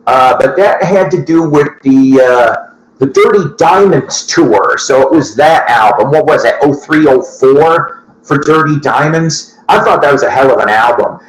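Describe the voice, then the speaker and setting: Speaking in an unhurried, mid-range voice, this record-collecting show host chats loosely and rambles to his viewers, peppering the talk with swearing and laughter at his own asides. There's slight background noise, and the room sounds echoey.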